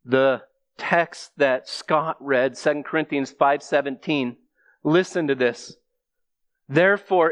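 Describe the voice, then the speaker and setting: A man's voice: on the high side, slow, dry recording. A man preaching a sermon, speaking earnestly and emphatically straight to his listeners.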